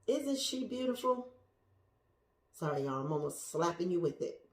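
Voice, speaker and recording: A woman with a lowish, very animated voice talks at a moderate pace while showing her houseplants to viewers. Addressing the camera directly, she chats and gushes, at times slipping into a whisper, indoors in an echoey room among the plants.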